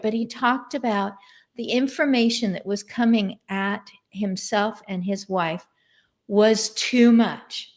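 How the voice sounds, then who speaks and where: A woman hosts a relaxed live-streamed conversation over a video call, her voice at a middle pitch. She talks in a chatty, rambling way and retells stories as she goes. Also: takes it slowly. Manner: chatty, retells stories by voicing what others said. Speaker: host.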